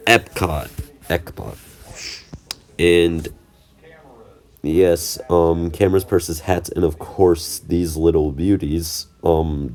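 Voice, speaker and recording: Young man, very deep voice, rambling jokey vlog voice-over, self-correcting. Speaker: channel host. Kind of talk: casual vlog commentary over trip footage.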